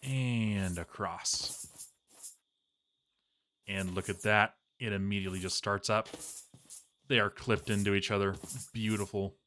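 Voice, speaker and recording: Guy with a bright, kinda low voice rambling playfully through his game stream. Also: fairly even intonation, measured pace, long pauses, a little hiss or hum. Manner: rambling and playful, chatting to viewers. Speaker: game commentator. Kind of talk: casual gameplay commentary.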